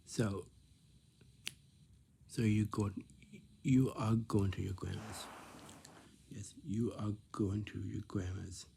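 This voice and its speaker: A man telling a rambling casual story, repeating himself and dropping into soft whispers. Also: lowish voice, fairly even intonation, slow pace, gravelly, pauses often, a little hiss or hum. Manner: repetitive, restarts phrases, drops into soft whispers.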